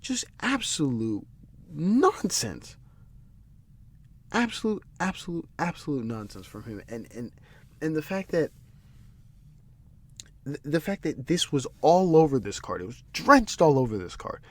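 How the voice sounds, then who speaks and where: A man's voice: a little high, sing-song, a little slow, long pauses. Heated, profane man ranting solo. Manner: repeats words and restarts in frustration. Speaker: podcast host. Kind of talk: solo commentary podcast.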